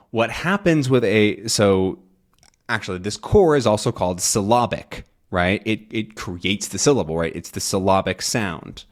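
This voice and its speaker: A young man teaching English, explaining sounds casually, thinking aloud with many fillers and "right?" checks, and slowly drawing out example words. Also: on the low side. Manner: drawn-out demonstration of sounds.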